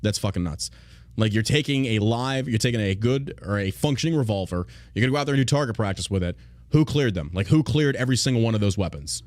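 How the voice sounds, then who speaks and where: A man's voice: on the low side, animated, fast, a little mellow, no echo, studio quality. A man hosting a podcast, talking bluntly and profanely in a mocking, opinionated rant. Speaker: podcast host.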